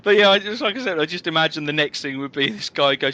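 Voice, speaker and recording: Bright-voiced man telling rambling stories. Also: on the high side, quick pace, lo-fi sound. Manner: rambling anecdotes, frequent fillers and restarts. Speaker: podcast co-host. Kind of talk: casual comedic chat.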